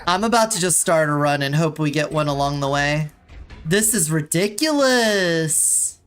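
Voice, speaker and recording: Chatting with her audience during a gaming stream, this VTuber begs the game in exasperation. She sounds low-pitched and animated at a measured pace, with a clean tone and faint music in the background.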